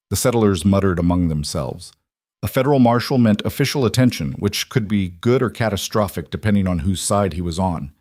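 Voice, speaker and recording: Brief: male narrator, lowish voice, steady measured read, dry close sound. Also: dry recording. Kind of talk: scripted narration.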